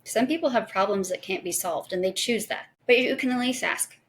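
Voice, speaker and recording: A woman in her thirties hosting a podcast, talking through parenting advice in an earnest, gentle, casual way. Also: mid-range voice, a little fast, slight background noise. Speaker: podcast host.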